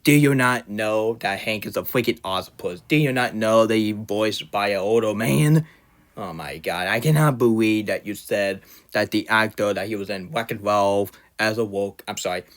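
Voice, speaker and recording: A young man delivering an unscripted, heated fan rant, insulting his target and often stumbling and restarting mid-sentence. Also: fairly low pitch. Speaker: fan ranter. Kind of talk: unscripted ranting commentary.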